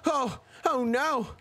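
A young man streaming a horror game, joking and reacting loudly. He swings between mumbled asides and excited shouts. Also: very high voice, extremely slow. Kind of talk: energetic gaming commentary.

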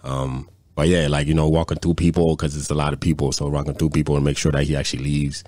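A man's voice: extremely low pitch, level tone, fast talker, darkish tone, dry recording. A man co-hosting a podcast, telling profane, rambling anecdotes in casual chat full of repeated fillers. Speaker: podcast co-host.

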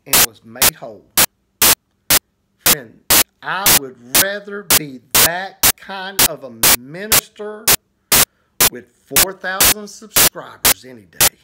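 Slow-speaking evangelist. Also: male voice, on the high side, over loud music, poor audio. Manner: earnest, drawn-out preaching with repetitions. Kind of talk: preaching to camera. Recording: heavy static hiss.

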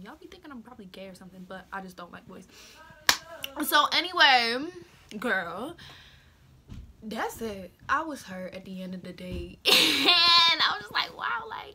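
A woman's voice: medium pitch, bright, forceful tone, a little hiss or hum. A teenage girl vlogger telling a story in casual slang, acting out what people said.

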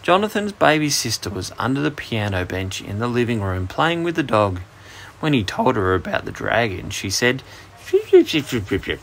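Australian dad reading a bedtime story. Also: male voice, medium pitch, big pitch swings, moderate pace, a bit bright, a little hiss or hum. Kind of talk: storybook narration.

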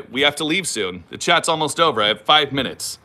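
Bright-voiced and lively, this Californian channel host chats casually on a phone livestream while moving around his home. He talks fairly quickly at a fairly high pitch, rambling, poking fun at himself, and reading viewer comments aloud.

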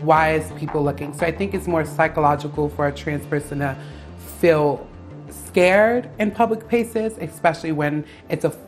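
A woman's voice: deep voice, normal speed, soft background music. A woman talking casually and chattily in an interview.

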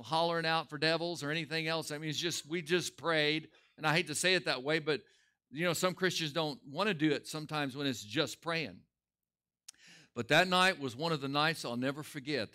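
A male pastor preaches a Sunday school sermon, telling stories with emphatic, driving delivery. His voice is bright and forward, pitched a little above the usual for a man.

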